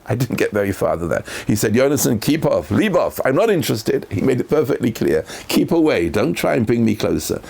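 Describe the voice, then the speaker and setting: Fast-talking rabbi, lots of swoops in his voice, acts out every quote in his stories. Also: vocal fry. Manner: animated storyteller, acting out quoted voices with big pitch jumps. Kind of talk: Torah lecture with storytelling.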